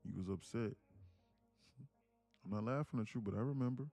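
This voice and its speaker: Soft background music plays, with no echo, as a man hosts a trading livestream in a mid-range, dark-toned voice at normal speed. He keeps it loose and casual, frequently repeating himself and restarting phrases while reading the chat.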